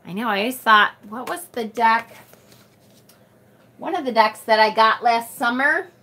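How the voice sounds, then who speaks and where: A middle-aged woman with a Rochester, New York accent, hosting a casual tarot livestream and reading viewer comments aloud, chatty and quick to laugh. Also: a little high, bright, forceful tone. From United States. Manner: chatty and bubbly, laughs often, trails off and restarts.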